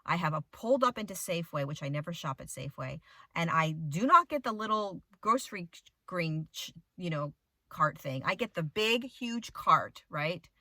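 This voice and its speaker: A woman spiritual teacher telling a story in a casual talk to followers, animated and dramatic, with the odd swear word. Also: fairly low pitch, no echo. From United States.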